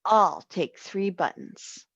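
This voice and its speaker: A woman's voice: medium pitch, takes it slowly, husky, dry recording, lo-fi sound. A woman voicing a cheerful, playful father in a children's story read aloud. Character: cheerful playful dad, adult man.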